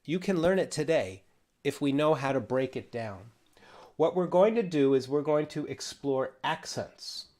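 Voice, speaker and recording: A man teaching a ukulele lesson on a livestream, relaxed and encouraging, counting out beats as he explains. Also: a little high, a little slow. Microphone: livestream camera mic.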